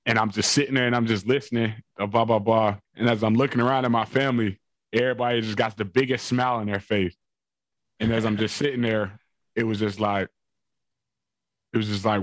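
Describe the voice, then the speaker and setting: A man's voice: mid-range voice, fairly bright tone, no room sound. A young man, a football recruit, telling a long story casually, with many fillers and repeated phrases. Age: young adult.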